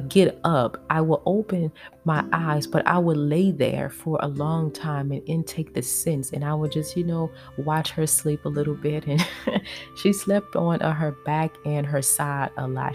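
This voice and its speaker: A woman with a low, gravelly voice recalls her family on a podcast. She speaks in a reflective, emotional way, often pausing with "uh" and "you know". Soft guitar plays faintly behind her. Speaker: podcast host. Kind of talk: personal storytelling podcast.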